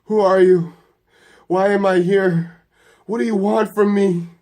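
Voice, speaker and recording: A man voicing a lost male soul adrift in darkness, frightened and yelling questions. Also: fairly high pitch, slow, voice pushed up. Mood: panicked.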